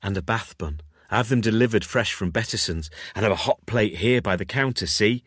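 An actor with a Manchester accent playing a young pharmacist who enthuses softly and wistfully about the stars. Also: male voice, lowish voice, fairly quick, husky, no echo, studio quality. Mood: dreamy. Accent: Mancunian. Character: dreamy stargazing young male pharmacist.

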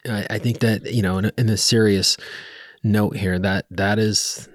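Very deep-voiced male host, dry sound. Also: steady tone, normal speed, no room sound. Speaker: host, medical professional. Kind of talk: casual interview talk.

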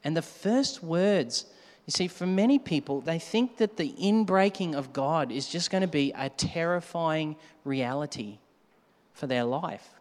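A man preaching a sermon, animated, at times shouting to act out a scare and dropping to a hush. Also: on the high side, a little slow. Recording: long hall reverb.

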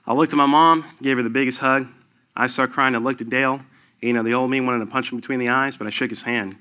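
A man in his thirties, a lay preacher, gives a heartfelt sermon about his personal testimony, his emphasis rising as he speaks. His voice is mid-range with a sharp tone.

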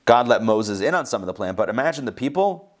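A man's voice: medium pitch, very animated, quick pace. A man teaching a Bible passage, reading verses aloud and breaking in with casual explanations and asides. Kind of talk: reading scripture with commentary.

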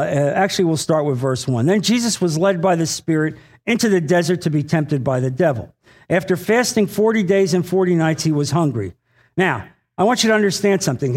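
A man preaching a sermon to his congregation. He speaks earnestly, repeats phrases for emphasis, fills pauses with "uh," and addresses the listeners directly. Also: fairly high pitch, a little mellow. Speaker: pastor.

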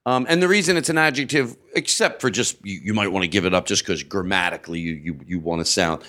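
Male comedian, lowish voice, loose rambling podcast storyteller with quick character bits. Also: pushed and bright. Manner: rambling, restarts and acts out quoted voices. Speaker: comedian guest. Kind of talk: casual podcast chat.

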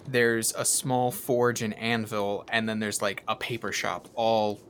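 A man's voice: lowish voice, little pitch movement, measured pace, fairly bright tone, slight background noise. A man narrating as game master in a tabletop game, rambling casually with many fillers.

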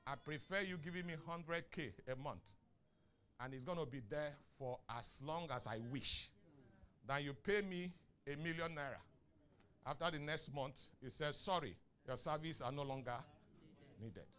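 A Nigerian man preaching a sermon, asking the congregation questions and rising into shouts on key lines. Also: fairly high pitch, normal speed. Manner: asks the crowd questions and waits for answers. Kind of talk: sermon with call and response.

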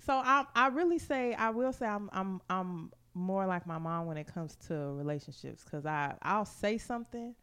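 A woman in a relaxed podcast chat with a smooth, clear voice at a middle pitch. She talks candidly, swears freely and stacks up fillers as she goes. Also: normal speed, few pauses. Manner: candid, profane, lots of fillers. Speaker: podcast co-host. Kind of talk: casual chat.

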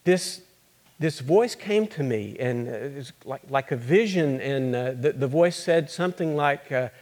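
A man playing an earnest teenage girl basketball player in a first-person monologue, halting and repeating words as she remembers. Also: medium pitch, expressive, darkish tone, close to an everyday voice.

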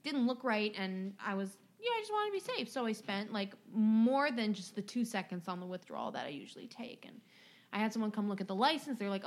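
Animated woman telling stories. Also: mid-range voice, brisk. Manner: animated, heavy use of "like". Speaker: podcast co-host and bank teller. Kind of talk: casual storytelling.

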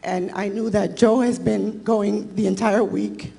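A woman with a husky voice giving an emotional church testimony, close to tears. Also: medium pitch, little pitch movement, a little slow, mellow, big-room sound. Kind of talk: personal testimony.

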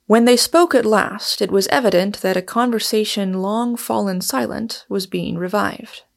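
Gravelly woman reading a novel. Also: mid-range voice, moderate pace. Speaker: narrator.

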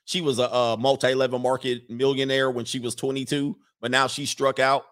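A man's voice: medium pitch, level tone, brisk, fairly bright tone. A man riffing casually and comically as a streamer reading viewer comments, slangy and crude, breaking into laughter often.

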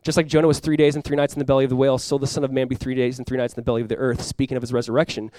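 A male pastor preaching a sermon in an animated way, acting out quoted voices and often repeating words as he goes. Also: medium pitch, very fast, dry recording.

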